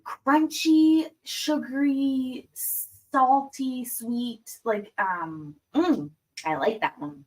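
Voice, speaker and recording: A woman's voice: high voice, extremely slow. A woman hosting a casual livestream, chatting and giggling as she tastes candy and savors it aloud. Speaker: livestream host reacting to court videos. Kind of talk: casual livestream chat while tasting candy.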